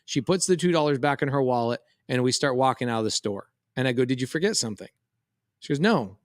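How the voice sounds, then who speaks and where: A man, telling a lively story on a podcast and acting out the voices. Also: mid-range voice, fast, no room sound, studio quality. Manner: animated, quotes voices in a story. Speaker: podcast co-host. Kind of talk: casual storytelling chat.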